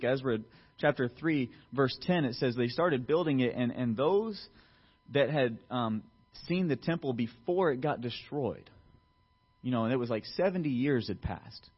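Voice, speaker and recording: A man preaching a casual, chatty sermon, his voice sitting a little high for a man. He acts out quoted voices with sudden jumps in pitch and loudness. The recording sounds muffled and lo-fi. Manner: conversational, lots of fillers and asides. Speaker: pastor.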